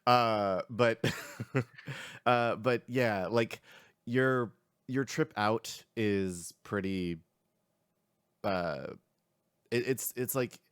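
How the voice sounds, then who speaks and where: Man, game master, low voice, dry close sound, halting narration with fillers. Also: a bit bright, clean tone, no room sound. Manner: halting, many fillers and restarts.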